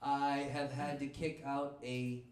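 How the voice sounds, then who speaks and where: A man doing a stand-up set in a comedy club, talking in a rambling, halting way into a handheld mic. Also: medium pitch, little pitch movement. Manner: rambling, halting, self-interrupting. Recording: echoey club room.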